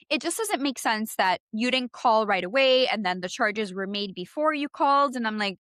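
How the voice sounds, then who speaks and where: Animated woman with an accent, storytelling. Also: medium pitch, brisk, few pauses, no echo, clean studio sound. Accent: non-native English. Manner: animated, swearing, acts out both sides of phone calls. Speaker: podcast co-host. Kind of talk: casual storytelling chat.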